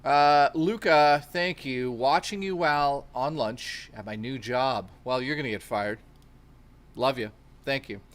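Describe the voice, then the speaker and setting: A man's voice: mid-range voice, unhurried, a bit bright. A man co-hosting a live stream, reading donation messages with wry, mocking banter.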